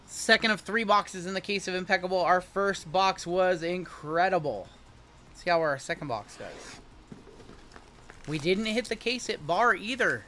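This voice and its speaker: Upbeat high-voiced man hosting card breaks. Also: expressive, normal speed, pushed and bright, slight background noise. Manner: jokey, upbeat banter. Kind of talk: livestream card-opening commentary.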